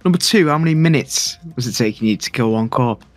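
A man's voice: medium pitch, animated, fast, faint music behind. A man co-hosting a quiz show, grilling contestants with mocking sarcasm. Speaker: co-host. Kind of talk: casual game-show banter.

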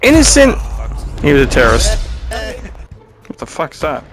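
A man's voice: medium pitch, expressive, normal speed, over music. A man playing a VR shooter, joking around with mock French and playful bits in casual game chat. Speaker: gamer streaming VR play.

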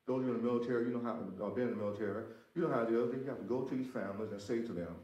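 A man's voice: mid-range voice, racing, a little mellow, dull audio. A man preaching a sermon as pastor, emphatic, repeating his phrases and speaking straight to the congregation. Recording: roomy echo.

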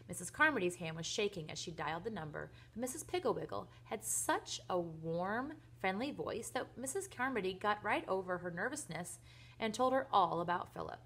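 A woman reading a children's book aloud, with gentle asides to her listeners. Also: mid-range voice. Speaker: reader.

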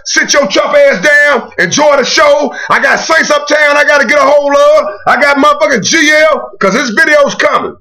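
Man, gravelly and bright, cocky profane trash talk, video blog rant. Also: very high voice. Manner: boastful, profane, taunting. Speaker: video blogger. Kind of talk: trash-talking rant to camera.

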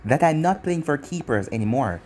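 A man's voice: fairly high pitch, expressive, a little fast, a little mellow, soft background music, close to an everyday voice. A man voicing a cruel, smug young male ninja who taunts his former friends with mocking chuckles.

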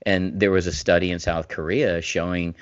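A man's voice: sits low, little pitch movement, moderate pace, dry recording. A man co-hosting a casual podcast, talking in long rambling runs with many restarts that turn emphatic. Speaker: podcast co-host, former physician. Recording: dull dry remote mic sound.

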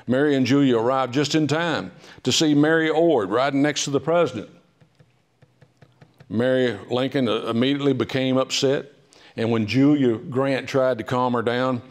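A man speaks at a library author talk in an ordinary mid-pitched voice, spinning history into chatty, humorous anecdotes. He pauses often with "uh" and restarts as he goes. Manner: chatty, humorous, with frequent "uh" fillers. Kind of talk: casual storytelling talk. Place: public library meeting room.

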